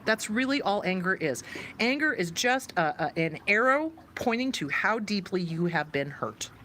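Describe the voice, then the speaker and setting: A woman therapist hosting a live stream, giving emphatic, animated advice on anger and reading out viewer questions. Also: medium pitch, normal speed, a little hiss or hum.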